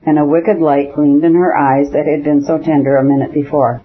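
Brief: male narrator, husky and slightly high, measured novel reading, dull lo-fi sound. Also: little pitch movement. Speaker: audiobook narrator. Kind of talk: scripted narration of a classic novel. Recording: dull lo-fi audiobook recording.

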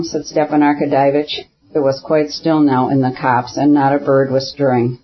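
A man narrating a classic novel as an audiobook, in a measured, even reading that keeps the characters' lines quiet. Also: mid-range voice, dull audio.

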